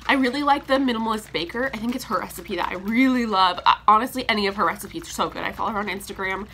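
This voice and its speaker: Bright-voiced chatty young woman, congested. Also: mid-range voice, fast, a little hiss or hum. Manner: chatty, rambling, heavy use of "like", frequent laughs. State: congested with a sinus infection, a little out of breath. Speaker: vlogger. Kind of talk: casual chat while cooking. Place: home kitchen.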